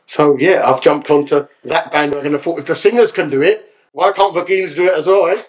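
A man's voice: on the high side, a little fast. Man, podcast guest, chatty storyteller, casual talk. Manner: chatty storyteller, keeps tagging lines with "yeah?". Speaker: podcast guest, solicitor and actor.

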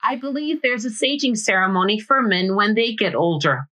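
A woman hosting a podcast, reading a calm, explanatory script. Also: medium pitch, moderate pace, poor audio. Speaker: podcast host.

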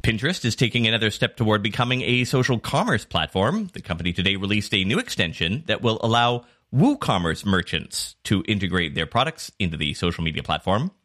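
A man hosting a digital marketing news podcast, reading scripted segments with clear, varied emphasis. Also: lowish voice, sing-song, brisk, hardly any pauses, a bit bright, faint music behind. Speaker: podcast host.

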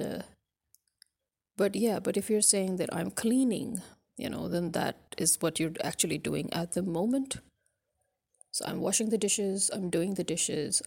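A woman's voice: fairly low pitch, creaky, darkish tone, husky. A woman teaching a spoken English lesson, explaining in a loose way with many fillers.

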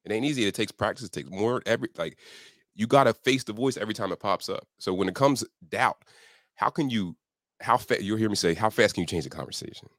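This accountability coach talks quickly and animatedly, his tone a bit bright, pushing his motivational point on a podcast. Jumps in pitch mark the moments he voices his own inner thoughts. It's a dry, clean recording made on a studio podcast microphone.

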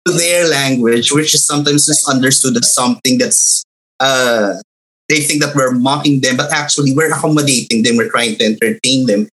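A man's voice: medium pitch, a bit bright, husky, poor audio. Filipino man explaining linguistics. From Philippines. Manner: measured, lecturing with examples. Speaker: linguistics guest. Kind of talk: explanatory discussion.

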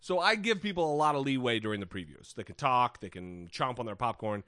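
A man's voice: mid-range voice, animated, a little fast, fairly bright tone, no echo, studio quality. A man co-hosting a podcast in casual chat, wry and rambling, swearing freely and restarting his sentences. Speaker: podcast co-host.

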